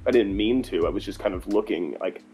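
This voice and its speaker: Loud music plays behind this young man, a folk singer guesting on a talk show. He speaks on the low side and fairly quickly, telling stories casually and animatedly as he rambles along with plenty of fillers.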